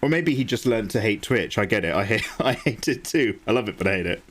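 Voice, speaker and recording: A man chatting casually with viewers while he draws on a livestream, getting excited, swearing freely and thanking people by name. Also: on the low side, fairly quick. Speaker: livestreaming artist.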